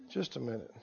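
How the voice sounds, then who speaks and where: A man preaching a sermon to a live congregation in a church, emphatic, repeating key phrases and asking the listeners whether they hear him. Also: darkish tone. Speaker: pastor. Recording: echoey hall, dull lo-fi sound.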